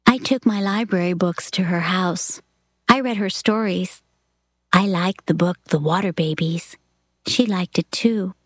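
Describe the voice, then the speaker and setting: A woman reading a novel aloud in a soft, reflective way that drops into a whisper at times. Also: on the low side, measured pace, no room sound. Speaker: reader.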